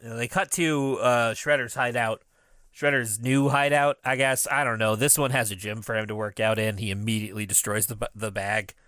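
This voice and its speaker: A man's voice: mid-range voice, fairly even intonation, normal speed, bright, forceful tone, no room sound, studio quality. A man in his thirties co-hosting a podcast, recapping episodes in a laughing, enthusiastic casual chat. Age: 30s. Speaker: podcast co-host.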